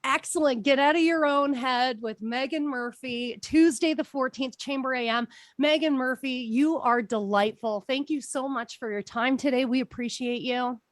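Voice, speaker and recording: A woman's voice: high voice, normal speed, no echo, studio quality. A woman hosting a casual live interview, upbeat and playful. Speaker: host.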